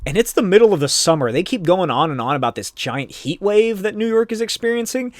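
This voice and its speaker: A man's voice: high voice, sing-song, brisk, dry recording, clean studio sound. A man hosting a podcast, recapping a comic in a rambling, profane, chatty way. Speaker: podcast host.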